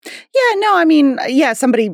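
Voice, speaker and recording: A woman co-hosting a podcast, chatting casually with quick, wry comebacks. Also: sits high, very animated, vocal fry, dry recording, studio quality. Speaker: podcast co-host.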